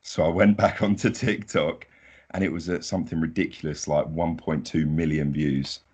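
Very deep-voiced young man. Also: fairly even intonation, normal speed, a little mellow, breathy edge. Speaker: podcast guest. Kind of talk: casual chat.

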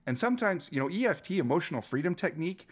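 A man's voice: on the high side, very animated, quick pace. A man in his fifties, a coach, speaking earnestly and reflectively as an interview guest, often restarting his phrases. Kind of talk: interview guest telling a story.

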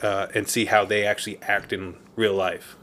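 A man's voice: on the low side, level tone, normal speed, a bit bright, a little hiss or hum. A man on a casual podcast, rambling with many fillers and asking others about their experiences. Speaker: podcast co-host. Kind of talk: casual chat.

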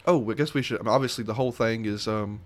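A man's voice: fairly low pitch, quick pace. A man co-hosting a podcast, chatting casually in a rambling, hesitant way with lots of fillers. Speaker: podcast co-host. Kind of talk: casual chat.

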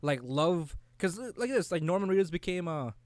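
Rambling, profane young man with a smooth voice. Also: sits high, animated, no echo. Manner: rambling, profane, acts out characters in quick voices. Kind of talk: casual chat about a video game.

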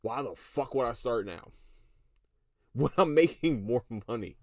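In studio-quality sound with no echo, a man in his thirties rants on his solo podcast, full of profanity and laughing as he goes. His mid-range voice is expressive and keeps a measured pace.

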